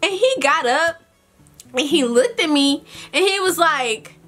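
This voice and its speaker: High-voiced young woman telling a story. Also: a little slow, soft background music. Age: young adult. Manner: animated, chatty, addresses viewers directly. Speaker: vlogger. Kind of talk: casual storytime.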